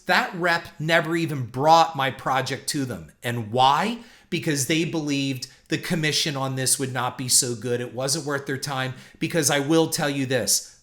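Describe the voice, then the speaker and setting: A man's voice: mid-range voice, pushed and bright. A man hosting a podcast, telling industry stories in a blunt, profane monologue. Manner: blunt, profane, storytelling with quoted exchanges. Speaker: podcast host and filmmaker.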